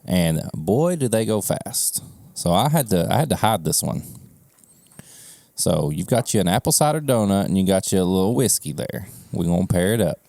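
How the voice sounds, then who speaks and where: A man's voice: deep voice, very animated, moderate pace, creaky, dark tone, no room sound. A man co-hosting a casual podcast, playful and teasing with hammy asides. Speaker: podcast co-host.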